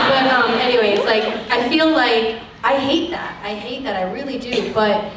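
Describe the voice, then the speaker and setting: An actress speaking frankly at a lecture, acting out the people she quotes in an animated way. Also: fairly high pitch, unhurried, hardly any pauses, background noise. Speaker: actress giving a guest lecture. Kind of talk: candid talk at a lecture Q&A. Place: lecture hall. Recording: echoey hall, distant mic.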